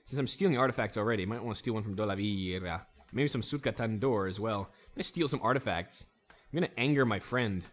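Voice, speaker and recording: A man's voice: lowish voice, fast, fairly bright tone. A man hosting a let's play, giving casual, rambling gameplay commentary and talking to himself and the game. He jokes often and slips into goofy voices and bits of song.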